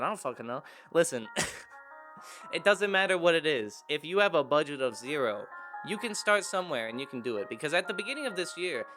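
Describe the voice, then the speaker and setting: A young man talking casually to camera as a YouTuber, rambling and self-correcting with lots of fillers. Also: on the high side. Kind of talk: casual rambling vlog talk. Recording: music playing clearly underneath.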